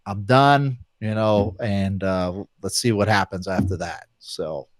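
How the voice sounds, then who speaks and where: A man on a podcast, a former fighter telling his story in a casual, animated way and acting out the voices of people he quotes. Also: on the low side, slow, dry recording, studio quality.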